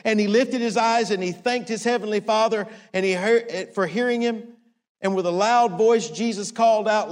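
A man preaching a sermon, emphatic and repetitive, swinging from hushed to raised. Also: high-pitched, normal speed, big-room sound. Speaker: pastor.

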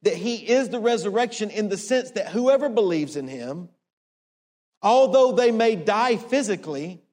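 A man preaching a sermon, emphatic and repetitive, swinging from hushed to raised. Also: high-pitched, animated, moderate pace, long reverb tail. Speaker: pastor.

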